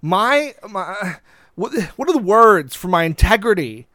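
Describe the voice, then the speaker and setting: A man's voice: high-pitched, very animated, measured pace, pushed and bright, dry recording, clean studio sound. A man co-hosting a podcast in casual chat, joking around and teasing his friend. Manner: joking, playful, breaks into silly voices. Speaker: podcast co-host.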